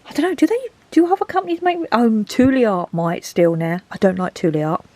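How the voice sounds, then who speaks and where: This craft vlogger has a slightly high, animated voice that's a little fast and a little mellow, recorded with no echo. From her home craft room she chats casually, rambling and thinking aloud to herself as she sorts her stuff.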